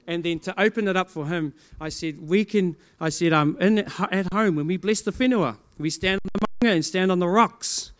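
High, clear-voiced New Zealand pastor. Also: male voice, moderate pace, few pauses. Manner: animated storytelling, acting out dialogue, bursts of loud exclamation. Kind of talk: preaching testimony to a congregation.

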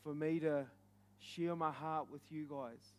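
Guy preaching his testimony, pretty high voice, earnest and gets loud and urgent. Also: steady tone, unhurried, clean tone. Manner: earnest, intense storytelling that swells to loud urgency. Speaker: evangelist.

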